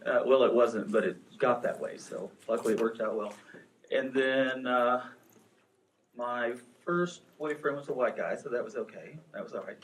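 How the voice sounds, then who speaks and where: A man's voice: medium pitch, moderate pace. A man from Texas, speaking as a panelist, telling a frank personal story with self-deprecating jokes. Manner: candid, joking, self-deprecating. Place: movie theater. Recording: distant room mic with faint noise.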